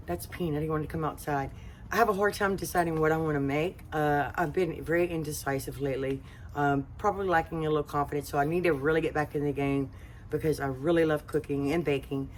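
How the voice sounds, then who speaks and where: A woman's voice: low voice, fairly even intonation, quick pace, slight background noise. A woman with a Southern US accent hosting a home cooking channel, chatting casually to camera in a rambling way with many fillers.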